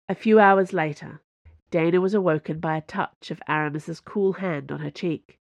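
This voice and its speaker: A woman narrating an audiobook in an even storytelling manner. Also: on the low side, normal speed, vocal fry, no echo. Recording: dull lo-fi dry recording.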